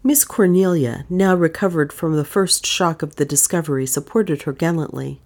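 A low-voiced woman narrates a mystery novel as an audiobook reader. Her scripted delivery is measured and even.

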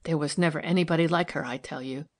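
A proud, loyal old housemaid with a blunt tongue and plain servant's speech, fiercely protective of her mistress , as a woman reading the book puts her on. Her voice sits low and even in an audiobook. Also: quick pace. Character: stout loyal older housemaid, proud, resentful.

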